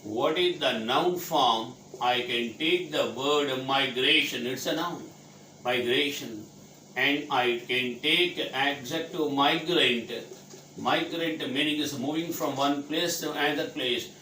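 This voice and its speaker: A man's voice: mid-range voice, slow pace, sharp tone. A man from India teaching English vocabulary, spelling each word letter by letter and answering his own questions. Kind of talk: spelling out and explaining words. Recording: echoey room, faint noise.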